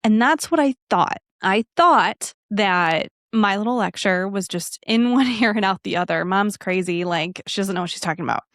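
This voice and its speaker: A woman hosting her own podcast, talking in a chatty, animated way and slipping into the voices of people in her story. Her voice sits at a middle pitch for a woman. The recording is dry and close, with no room sound. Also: moderate pace, few pauses, dry recording. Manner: animated, acts out quoted dialogue; chatty with frequent fillers and asides. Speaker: podcast host. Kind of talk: casual solo podcast storytelling.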